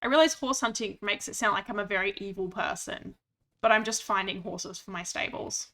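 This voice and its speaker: A woman's voice: medium pitch, a little fast, bright, forceful tone. A woman streaming a game, chatting playfully and reading out chat. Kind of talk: casual gaming stream chat.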